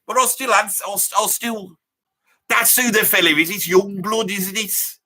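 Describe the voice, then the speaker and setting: A middle-aged man with a Birmingham accent chats on a live stream, reading viewer comments and wandering off into jokey, mock-boastful asides. His voice sits a little high for a man. It has a bright, forward edge. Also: steady tone, measured pace. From Birmingham, England. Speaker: guest on a live reaction stream.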